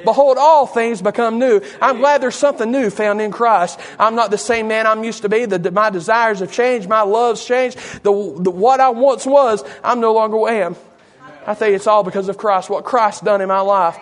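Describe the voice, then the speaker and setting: A male preacher with a high-pitched voice preaches in a folksy, conversational way. He keeps turning to the congregation with quick asides between points. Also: steady tone, fairly bright tone. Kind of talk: sermon.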